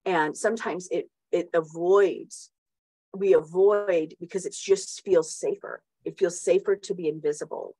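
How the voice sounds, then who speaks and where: A woman's voice: fairly low pitch, fairly even intonation, unhurried, warm tone, breathy edge, no room sound, low-quality recording. A middle-aged woman hosting a motivational talk, chatty, with many restarts and tag questions. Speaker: host.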